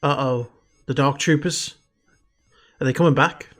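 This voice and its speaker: A man hosting a reaction video, gushing with excited fan exclamations in casual commentary. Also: medium pitch, measured pace. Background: faint show soundtrack music.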